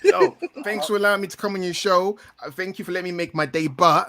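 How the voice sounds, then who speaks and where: A British man in his thirties, a guest on a podcast, joking loudly and playfully. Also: high-pitched, fairly even intonation, quick pace. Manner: playful, loud, jokey.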